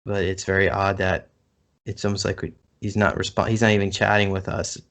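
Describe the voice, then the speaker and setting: A man guest on a video call, chatty but a little hesitant. His voice sits somewhat low. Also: completely flat delivery, brisk, gravelly, a bit bright. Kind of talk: casual online chat.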